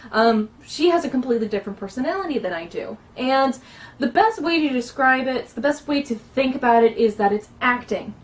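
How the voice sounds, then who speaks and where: Woman explaining roleplaying, high voice. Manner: earnest, instructive, with frequent pauses. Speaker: roleplaying instructor. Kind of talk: casual explanatory lesson. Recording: recorded from a distance.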